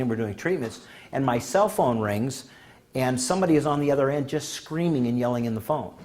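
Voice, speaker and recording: Male conference speaker, folksy storyteller who acts out the quotes, medium pitch. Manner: folksy, animated anecdotes with acted-out quotes. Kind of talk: storytelling talk. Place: conference room.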